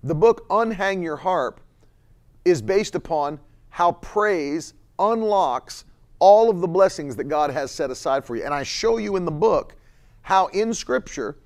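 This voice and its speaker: Male preacher, sermon, lively swooping delivery, slightly high voice, stretched emphatic words. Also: a little slow. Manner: laughs between points, reads chat comments.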